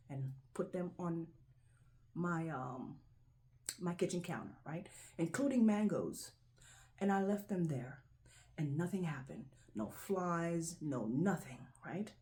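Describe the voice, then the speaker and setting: A woman's voice: fairly low pitch, warm tone. A woman hosting her own video, talking casually to the camera as she shows things, often repeating herself and checking in with "right?". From Jamaica. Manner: chatty, repetitive, keeps asking "right?". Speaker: video host. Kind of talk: casual show-and-tell talk to camera.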